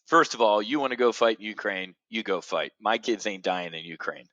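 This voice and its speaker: A man's voice: fairly low pitch, brisk, dry recording, highs cut off. Blunt, profane middle-aged man ranting. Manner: blunt, profane, sarcastic, swings from muttering to shouting. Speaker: options trading show host. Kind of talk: ranting monologue.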